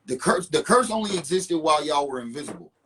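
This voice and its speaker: A man's voice: fairly high pitch, very animated, fast talker, bright, forceful tone, slight background noise. A man guesting on a casual hip-hop podcast who talks emphatically and often repeats himself mid-thought.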